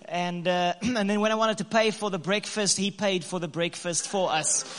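A man telling a lively story to couples, laughing and acting out his own lines. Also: high-pitched, moderate pace, big-room sound. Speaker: co-host, husband speaking to couples. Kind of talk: animated storytelling talk.

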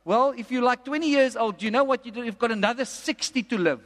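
Male preacher, high tenor, emphatic sermon delivery, church-hall reverb. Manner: emphatic, repeats lines slowly for effect. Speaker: pastor. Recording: long reverb of a large hall.

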